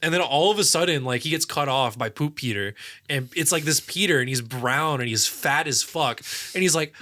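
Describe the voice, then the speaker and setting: Bright-voiced young man rambling casually. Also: mid-range voice, normal speed. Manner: rambling, profane, animated storytelling. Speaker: podcast co-host. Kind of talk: casual chat.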